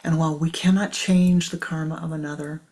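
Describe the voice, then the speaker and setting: An older spiritual teacher giving a measured talk before a meditation, often dropping into a soft whisper. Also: mid-range voice, flat delivery, low-quality recording.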